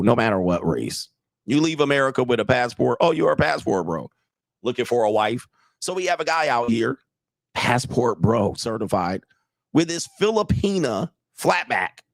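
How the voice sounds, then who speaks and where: A man's voice: medium pitch, dry recording. A man who works as a dating coach, giving blunt, mocking casual commentary on clips and talking straight to his viewers.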